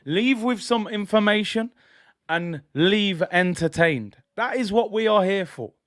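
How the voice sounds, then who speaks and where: A man hosting a live football watch-along, chatting casually and voicing firm opinions as he reads out viewer messages. His voice is smooth and fairly high, with a dry, close sound. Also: expressive, a little slow, a bit bright, dry recording. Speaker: live stream host.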